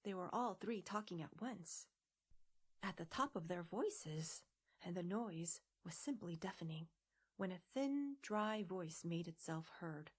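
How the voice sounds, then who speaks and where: A woman narrating a classic storybook in a gentle, hushed audiobook voice. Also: on the low side, lively intonation, measured pace, husky. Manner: gentle, hushed, half-whispered.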